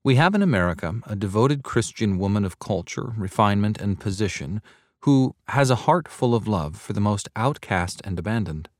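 Man, lowish voice, earnest, deliberate sermon reading, dry close sound. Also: expressive, darkish tone, no room sound. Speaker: reader of a devotional text. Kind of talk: measured reading of a soul-winning sermon.

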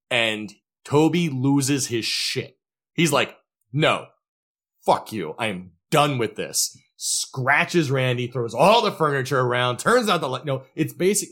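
Animated man on a podcast. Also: medium pitch. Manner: animated, acts out characters' lines in quoted voices. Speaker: podcast co-host. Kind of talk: casual film review chat.

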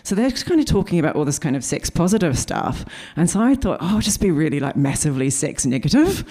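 A woman performing a storytelling stand-up set before a live audience, chatty and animated, quoting people in quick asides. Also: deep voice, breathy edge. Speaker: stand-up comedian.

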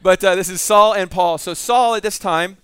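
A man's voice: high voice, normal speed, a bit bright, clear, resonant tone, no echo. A middle-aged male pastor preaching a sermon, telling the story with animation and acting out the voices in it.

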